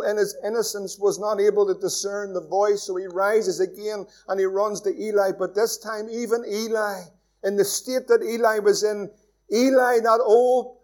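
A Northern Irish pastor preaching with a notably high voice. He is earnest and pleading, builds to strong emphatic peaks, then drops to near-hushed, intimate lines. A church sermon delivered to a congregation. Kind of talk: evening sermon.

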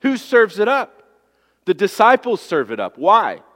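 A man's voice: high-pitched, wildly swooping pitch, measured pace, fairly bright tone, in a large hall. A male pastor preaching an emphatic sermon, asking rhetorical questions and often repeating his words as he restarts.

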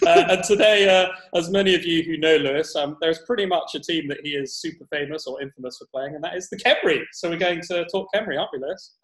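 A man's voice: on the high side, fast talker, few pauses, fairly bright tone, reverberant, low-quality recording. A man hosting a podcast, casual, joking and swearing, laughing often. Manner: jokey, sweary, laughs a lot. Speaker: podcast host.

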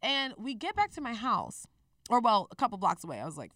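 A young woman in her twenties telling a personal story in a candid, profane, animated way on a casual talk show. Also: high-pitched, brisk, no room sound, clean studio sound, recorded from a distance.

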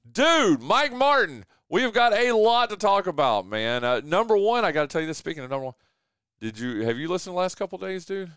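A man hosting a local sports radio show, excitable and quick to laugh, calling everyone "dude". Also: high-pitched, smooth, dry recording, clean studio sound. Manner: excitable, laughs often, says "dude" a lot. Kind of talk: casual sports radio chat. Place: radio studio. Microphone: studio microphone.

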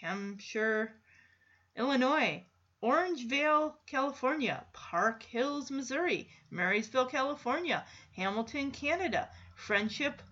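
A woman hosting a podcast alone in casual chat, chatty and excitable, with frequent laughs. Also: high-pitched, a little slow, dull audio. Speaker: podcast host.

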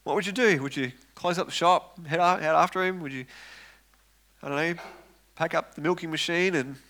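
A man preaching a sermon, retelling a story with lively acted-out quotes and frequent repeated words. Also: a little high, moderate pace. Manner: animated, acts out quoted voices, repeats words when excited.

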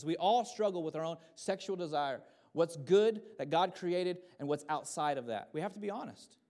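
Male pastor, thirties, church sermon, rises loud then drops soft, somewhat high voice. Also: expressive, normal speed, few pauses. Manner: swings from loud fervent to soft hushed. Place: church service.

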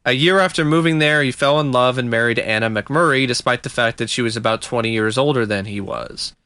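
A man's voice: mid-range voice, fairly quick, bright, forceful tone, clean tone, no echo. A man co-hosting a casual true-crime podcast, recounting a case in a laid-back way with fillers and chuckles. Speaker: podcast co-host.

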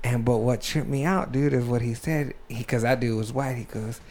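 A man's voice: medium pitch, fairly even intonation, normal speed, a little mellow, a little hiss or hum. A man hosting a podcast in a studio, chatting casually, swearing and laughing often. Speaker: podcast host. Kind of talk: casual chat.

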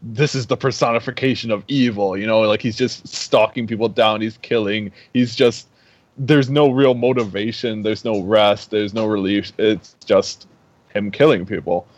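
A man's voice: on the low side, steady tone, moderate pace, no echo. A man co-hosting a casual movie podcast, explaining at length with many fillers. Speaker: podcast co-host. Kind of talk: casual chat about movies. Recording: dull, dry lo-fi mic.

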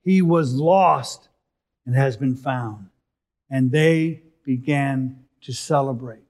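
A man preaching a sermon, reading scripture and explaining it, rising for emphasis and then dropping to a soft close. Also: mid-range voice, slow.

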